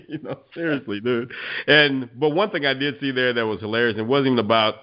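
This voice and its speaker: A man co-hosting a podcast in easy, casual chat, a laughing storyteller who keeps cracking himself up. His voice sits at an average pitch, and the recording sounds somewhat dull and lo-fi. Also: fairly quick. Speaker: podcast co-host.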